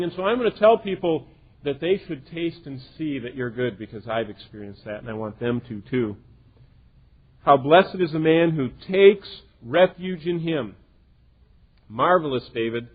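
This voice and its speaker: A man preaching a sermon with a slightly husky, breathy voice, earnest and swinging from loud emphasis to hushed quiet. The recording is lo-fi and narrow, almost like a phone line. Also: medium pitch, expressive, normal speed. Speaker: pastor.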